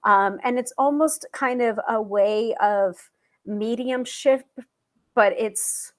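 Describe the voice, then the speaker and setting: A woman's voice: on the high side, slow. A woman hosting a live tarot stream, talking casually with many fillers and restarts.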